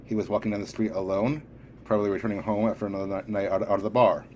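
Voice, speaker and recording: A man narrating a superhero story as an audiobook reader, steady and measured, with occasional slips. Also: fairly low pitch, a little hiss or hum.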